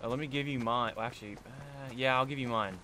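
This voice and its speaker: A man's voice: medium pitch, fairly even intonation, quick pace, bright, forceful tone, a little hiss or hum. A man chatting casually and joking with friends while playing a game. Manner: joking, laughs often. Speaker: gamer on a livestream. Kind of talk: casual gaming chat.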